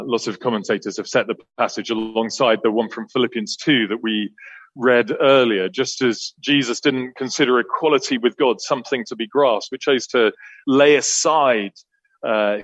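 A man with a low voice preaches an earnest, expository sermon. His lines build in emphasis and then drop quiet. The sound is dry and slightly muffled. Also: no room sound.

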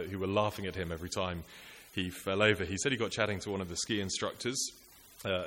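A somewhat low, slightly bright male voice gives an earnest sermon. Rhetorical in style, he develops each point through lists and repetition. The sound comes from an echoey hall, with a faint hiss.

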